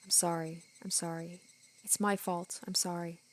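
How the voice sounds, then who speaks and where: A woman's voice: medium pitch, moderate pace, lightly acted. A woman reading the lines of a disturbed teenage girl from a visual novel, repeating herself feverishly. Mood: hushed. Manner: feverish, repetitive apologizing.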